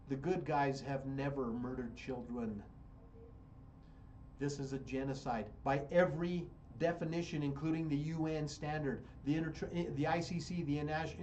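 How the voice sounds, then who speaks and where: American guy ranting on his radio show, pitch a bit high, kinda dull lo-fi sound w faint hiss. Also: level tone, normal speed, a little mellow. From United States. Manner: fiery, preaching, repeats phrases for emphasis. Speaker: radio host. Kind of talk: impassioned political commentary.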